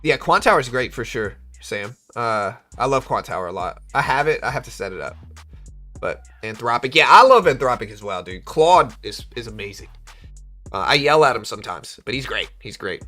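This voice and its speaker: A young man hosts a live market-trading stream in a loose, slangy chat style, calling out viewers' comments as they come in. His voice sounds bright and forward. Faint music runs quietly underneath. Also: medium pitch, normal speed. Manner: chatty, slangy, reads chat aloud, animated when joking. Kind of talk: casual livestream chat.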